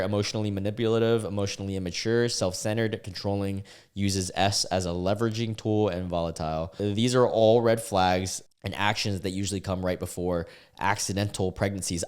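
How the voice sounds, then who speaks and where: A young man hosting a casual online video, reacting to posts in a halting way and often stumbling and restarting his words. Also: fairly low pitch, fairly even intonation, a little mellow, smooth. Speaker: YouTube reaction host.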